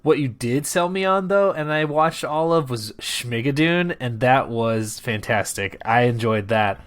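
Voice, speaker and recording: A man's voice: medium pitch, animated, a little slow. A married man co-hosting a podcast, teasing his partner dryly and asking questions in casual chat. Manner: dry teasing, asks questions. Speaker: podcast co-host.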